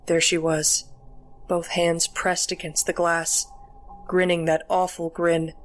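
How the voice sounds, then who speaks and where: A woman narrates a chilling first-person horror tale, reading in a measured, deliberate way. Her voice sits a little low for a woman. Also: little pitch movement. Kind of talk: scripted horror story narration.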